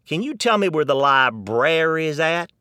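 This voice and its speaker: Man doing a brash visitor, blunt, folksy, raised and high. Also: very animated, moderate pace, bright, forceful tone, dry recording, clean studio sound. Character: brash, plainspoken male Texan visitor.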